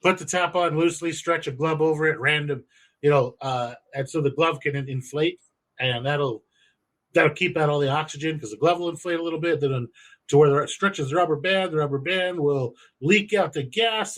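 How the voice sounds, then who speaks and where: A man's voice: on the high side, moderate pace, fairly bright tone. A man co-hosting a podcast, chatting casually and profanely, rambling through home brewing steps with emphatic swearing. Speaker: podcast co-host.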